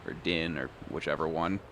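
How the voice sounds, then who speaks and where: A man's voice: a bass voice, moderate pace, fairly bright tone, a little hiss or hum. A man giving casual, joking commentary while he plays a video game, laughing often and reading the game's dialogue aloud. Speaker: gaming streamer. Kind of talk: casual let's-play commentary.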